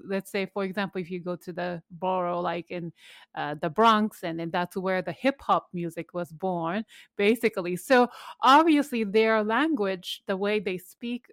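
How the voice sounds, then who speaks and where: A woman's voice: mid-range voice, no echo. Chatty woman host, dry sound. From lives in New York City. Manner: conversational, many fillers like "you know". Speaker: interview host. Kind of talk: interview questions.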